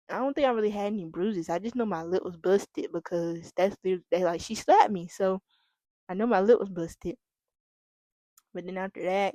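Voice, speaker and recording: Young female podcast host, animated storyteller, dry close mic. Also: mid-range voice, no echo. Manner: animated, laughing, addresses listeners as y'all. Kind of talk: casual storytelling monologue.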